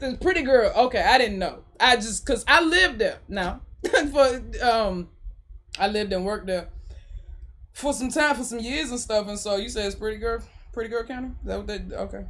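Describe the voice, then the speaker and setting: A young adult woman hosting a podcast, chatting casually with her live chat, laughing often and repeating herself. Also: medium pitch. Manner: animated, laughing often, swearing, repeating phrases.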